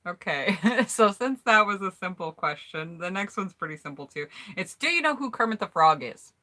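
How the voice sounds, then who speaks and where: A woman's voice: medium pitch, animated, moderate pace, bright, forceful tone. An American woman hosting a casual live stream, reading out viewer comments and answering in a blunt, candid, chatty way. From United States.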